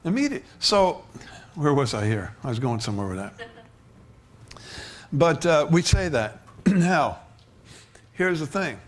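Man, sermon, slightly high voice, conversational, restarts, chuckles. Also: expressive, slow pace, pauses often. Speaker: pastor.

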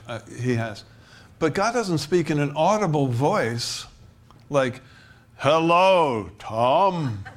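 A man preaching a sermon in a relaxed, conversational way, often restarting his sentences and chuckling between points. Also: medium pitch, slight background noise. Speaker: pastor.

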